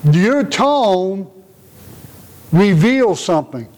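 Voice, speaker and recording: A man's voice: sits high, very animated, very slow, darkish tone, poor audio. A man preaching a conversational sermon in an earnest, emotional way, often asking rhetorical questions. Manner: emotional, tender-hearted delivery.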